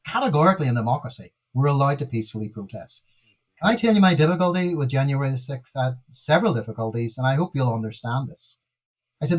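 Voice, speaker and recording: An older man in his sixties with a Northern Irish accent talks as a guest on a podcast. He tells stories with a preacher's emphasis and leans hard on key words. His voice sits at an ordinary middle pitch. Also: lively intonation, fast. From Northern Ireland. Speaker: Methodist minister, podcast guest. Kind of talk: storytelling in a podcast interview.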